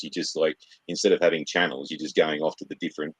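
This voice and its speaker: Man in his forties, very low voice, sweary and blunt, dull dry mic; casual stream co-host. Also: quick pace, darkish tone, husky, no room sound. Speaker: podcast co-host. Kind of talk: casual crude chat.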